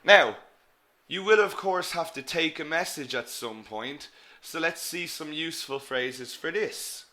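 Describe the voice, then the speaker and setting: A man teaching an online business English lesson, coaching students and repeating example phrases slowly and clearly. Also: fairly high pitch, animated, bright, forceful tone.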